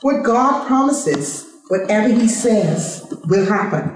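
A woman in a Bible study group, reading a study guide aloud at a steady pace. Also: on the high side, slow, heavy reverb, poor audio.

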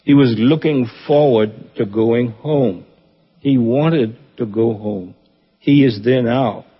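Guy giving a eulogy at church, earnest w a bit of humor, slightly husky, long echo, muffled sound. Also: medium pitch, slow. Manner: earnest and reverent, with gentle humor. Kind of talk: funeral eulogy. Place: church assembly hall. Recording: dull, echoey church hall recording.

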